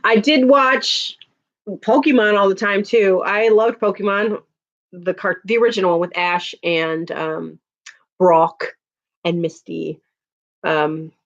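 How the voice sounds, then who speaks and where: A woman in her thirties chatting casually on a livestream, laughing often and answering viewers' comments. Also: lowish voice. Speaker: livestream host. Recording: dull lo-fi audio.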